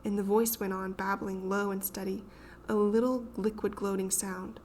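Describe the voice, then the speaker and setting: A woman reading an audiobook aloud in a measured, hushed, suspenseful manner. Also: medium pitch, flat delivery, slight background noise. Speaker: audiobook narrator. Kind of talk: scripted audiobook narration.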